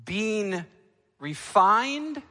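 A male pastor preaching a sermon, emphatic, moving between loud, ringing lines and quiet, low ones. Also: very animated, very slow, long reverb tail.

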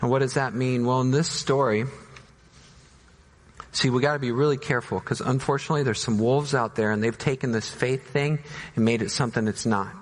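A male pastor preaching a dramatic sermon, voicing doubters in high anguished tones and dropping to soft, slow pleas. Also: fairly even intonation. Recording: long hall reverb.

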